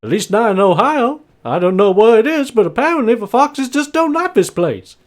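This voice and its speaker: A man voicing Bob, a folksy older farmer who talks in a loud, hearty, high-pitched voice. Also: big pitch swings, normal speed. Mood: jovial.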